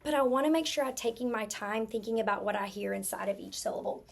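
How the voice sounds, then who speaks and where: A woman teaching a spelling lesson, who talks slowly and stretches out each sound while checking in with the class. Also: on the high side, steady tone, gravelly.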